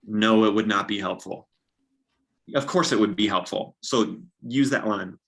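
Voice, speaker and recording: Bright-voiced young man giving upbeat sales tips. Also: lowish voice, measured pace, creaky. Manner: upbeat, practical, acts out sample dialogues. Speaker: real estate agent, guest. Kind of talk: casual coaching talk.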